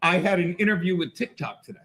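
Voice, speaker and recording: A man holds the floor on a live show, circling back with false starts and casual swearing. His voice sits high for a man. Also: animated, fast talker, a bit bright. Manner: rambling, many restarts, swearing. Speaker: host. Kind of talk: casual storytelling on a live stream. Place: bar in New York City.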